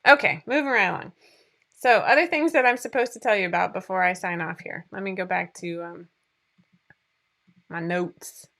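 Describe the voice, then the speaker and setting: A woman's voice: on the low side, normal speed, vocal fry, long pauses, a bit bright. A woman in her forties hosting a casual livestream chat from home, rambling and laughing often, sometimes teary. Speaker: livestream host.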